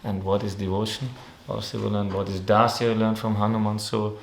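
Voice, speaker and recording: A man's voice: on the low side, monotone, fairly quick, creaky, roomy sound, slight background noise. A man, not a native English speaker, giving a devotional discourse in simple, repetitive phrasing with recited Sanskrit verses. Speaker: spiritual teacher. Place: ashram hall.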